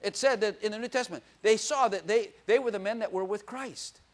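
With a high pitch and a brisk delivery, an older man gives an animated sermon, alternating loud exclamations with quiet asides and frequently laughing.

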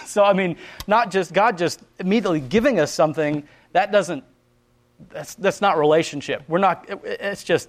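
A man's voice: fairly high pitch, a little fast. A man telling his personal faith testimony in an earnest, rambling way, often stopping to restart and acting out prayers as quotes. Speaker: Christian speaker sharing his testimony.

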